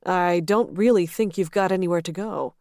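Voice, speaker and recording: Woman doing a smooth flirty male boss, drawling, lowish voice, dry recording. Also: normal speed, no room sound, natural voice. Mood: amused. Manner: drawling, amused, calm. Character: confident flirtatious male executive.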